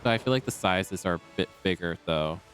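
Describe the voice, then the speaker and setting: Low-voiced rambling male streamer. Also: lively intonation, a little fast, fairly bright tone. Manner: rambling and chatty, with many ums. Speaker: game streamer. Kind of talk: casual live-stream chat. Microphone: desk microphone. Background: faint game music.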